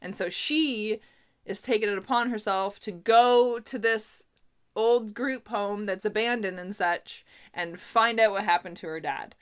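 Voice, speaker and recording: A woman's voice: mid-range voice, unhurried, clean tone. A young woman from Canada chatting casually about books she has read, laughing often and filling her talk with little asides. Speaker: booktuber. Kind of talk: casual book review chat.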